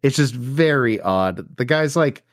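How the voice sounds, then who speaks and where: A man's voice: mid-range voice, expressive, unhurried, dry recording, studio quality. A man co-hosting a podcast, loosely recapping a film with profanity, often trailing off as he searches for words. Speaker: podcast co-host. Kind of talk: casual chat recapping a film.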